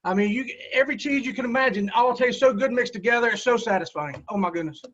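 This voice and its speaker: A male trainee giving an enthusiastic practice pitch over a video call. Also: fast talker, fairly bright tone. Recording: dull video call audio.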